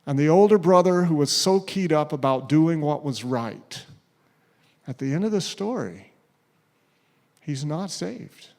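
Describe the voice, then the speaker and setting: Male pastor, sermon delivery, slow measured pace, voices the quotes, drops to a near hush for emphasis. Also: fairly high pitch, animated. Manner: storytelling with acted quotes, dropping to a hush at key points.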